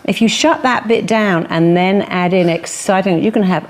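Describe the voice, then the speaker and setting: A middle-aged woman psychotherapist talking in an interview, emphatic and animated, often acting out the voices of clients and the inner critic. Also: medium pitch, moderate pace. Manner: animated, acts out quoted voices and inner thoughts; emphatic, stresses strong words. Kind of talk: interview conversation.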